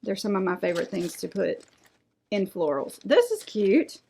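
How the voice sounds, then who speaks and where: A middle-aged woman, chatting excitedly as she unboxes craft items and reads out prices. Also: mid-range voice, moderate pace, gravelly, slight background noise. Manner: gushing, enthusiastic, reads out prices. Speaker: unboxing vlogger. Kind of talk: casual unboxing chat.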